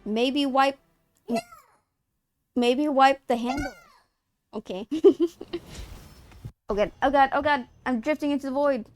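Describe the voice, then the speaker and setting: A woman streamer on a headset, reading game text aloud and reacting in an excitable, profane, giggly way. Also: high voice, slow, pauses often, soft background music. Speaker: streamer playing a video game.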